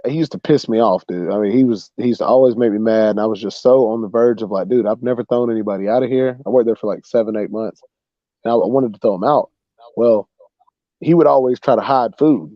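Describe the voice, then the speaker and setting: A young man hosting a livestream, casually telling a funny story, animated and saying "bro" a lot. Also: on the low side, dry recording, highs cut off. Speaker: livestream host.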